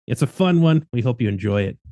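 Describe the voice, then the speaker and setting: A laid-back man co-hosts a podcast and talks casually with a few fillers. His voice sits at a middling pitch, recorded dry and close with no room sound. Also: animated, quick pace, mellow, no room sound. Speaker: podcast co-host. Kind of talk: casual podcast intro and chat.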